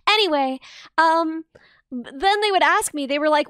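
A young woman in casual chat, chatty and playful with quick asides. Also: high voice, fairly bright tone, dry recording, clean studio sound.

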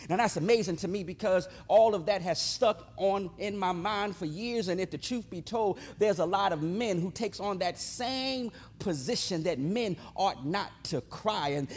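High-voiced preacher building to fervor. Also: male voice. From United States. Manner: repeats words, builds to fervent shouting. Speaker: pastor. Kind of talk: sermon.

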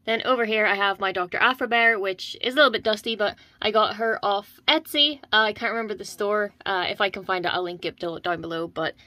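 Bright, gushing young woman collector. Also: mid-range voice, dry recording. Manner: gushing, enthusiastic, many ums and repeated words. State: slightly out of breath. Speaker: vlogger showing her collection. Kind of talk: casual show-and-tell vlog.

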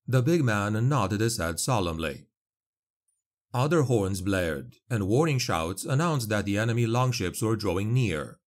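A man narrating a dark fantasy audiobook in a measured storytelling manner. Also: on the low side, animated.

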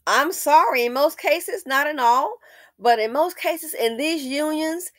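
A woman's voice: high voice, measured pace, no room sound, clean studio sound. A woman host giving casual commentary on a commercial, emphatic and repeating her points with rhetorical questions.

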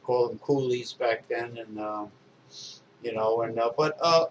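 A man's voice: medium pitch, a little slow, slight background noise, poor audio. A middle-aged man co-hosting a podcast, ranting angrily and swearing, with lots of fillers. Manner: angry profane ranting with many fillers. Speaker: podcast co-host. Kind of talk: casual political chat.

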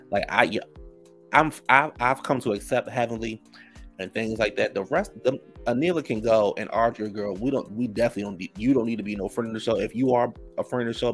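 A man casually recapping a reality TV episode in a sassy, profane, gossipy way. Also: gravelly. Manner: acts out quotes in higher voices.

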